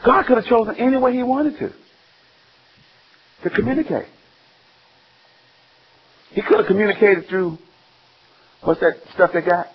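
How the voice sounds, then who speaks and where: A man from Alabama, preaching an animated sermon full of questions to his listeners. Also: high voice, measured pace, long pauses, husky. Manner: animated, call-and-response, exclaiming. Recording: dull lo-fi sound.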